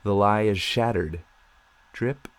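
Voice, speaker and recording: A male author reads his own science fiction novel aloud, measured and dramatic. His voice sits on the low side. The recording is close and dry, with no room sound. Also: a little mellow, no room sound. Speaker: audiobook narrator and author. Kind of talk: scripted novel narration.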